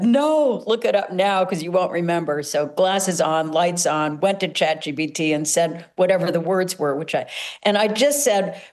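American woman, guest on an interview, kinda low voice, earnest and reflective storyteller. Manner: earnest, reflective, emotional at times. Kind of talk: conversational storytelling.

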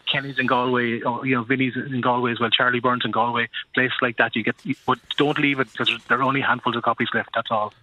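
A man's voice: mid-range voice, little pitch movement, quick pace, hardly any pauses, pushed and bright, no room sound, rough recording. A man talking as a guest on a radio interview, chatty and eager, often restarting his sentences. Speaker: folklore author, radio guest.

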